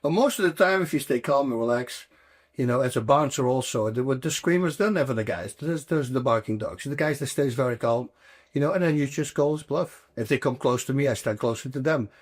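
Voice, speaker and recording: A man in his sixties from the Netherlands with a Dutch accent, telling stories as a guest in a casual interview, emphatic and animated, with non-native phrasing. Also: medium pitch, fairly quick. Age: 60s. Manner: animated, emphatic storyteller with broken English phrasing.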